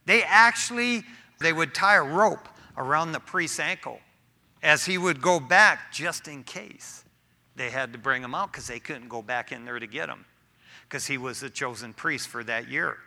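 Male pastor, casual and animated sermon delivery, very bright, slightly high voice. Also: normal speed, vocal fry. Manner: casual, animated preaching with frequent "man".

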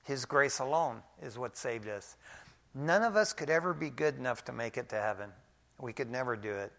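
A male pastor preaching a sermon in a casual way, often saying "man" and swinging from quiet asides to loud emphasis. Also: mid-range voice, animated, normal speed, gravelly. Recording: echoey hall.

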